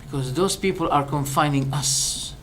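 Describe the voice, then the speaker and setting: A man giving a religious lecture as a preacher, animated and rhetorical, firing off questions and acting out exchanges. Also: a little high, moderate pace, a little hiss or hum. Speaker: Islamic preacher.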